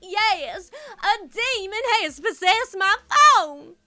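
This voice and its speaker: A woman's voice: extremely high pitch, expressive, slow pace, pushed and bright, no room sound, soft background music, voice pushed up, heavily acted. A woman voicing a frantic female customer from the American South, with a thick Southern Alabama accent, almost screaming. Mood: panicked.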